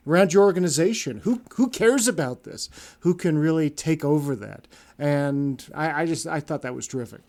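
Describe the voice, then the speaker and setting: A man co-hosting a podcast, talking with eager enthusiasm in a voice set a little high. He rambles through his thoughts, restarting sentences and leaning on easy fillers in a relaxed chat. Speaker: podcast co-host.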